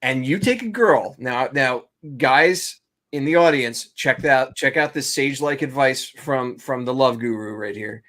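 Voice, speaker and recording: A man's voice: medium pitch, expressive, measured pace, fairly bright tone. A young man co-hosting a casual podcast, ranting in a rambling, profane way. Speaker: podcast co-host. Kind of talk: casual banter.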